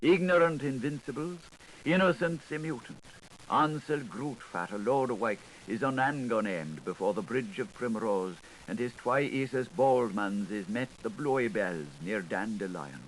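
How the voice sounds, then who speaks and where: A man reading an unabridged literary audiobook in a lilting, sing-song recitation with wide swings in loudness. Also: medium pitch, a little slow, poor audio. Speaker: audiobook narrator. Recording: 1980s studio tape, faint hiss.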